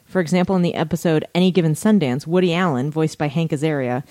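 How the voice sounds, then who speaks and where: A woman's voice: low-pitched, quick pace, dark tone, no room sound. A woman co-hosting a podcast, reading facts aloud in casual chat with frequent asides and laughter. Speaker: podcast co-host.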